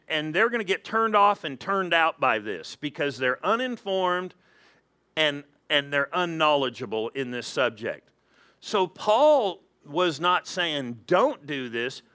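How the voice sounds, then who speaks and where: A man preaching a sermon in church, animated and acting out quoted voices. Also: high-pitched. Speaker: pastor.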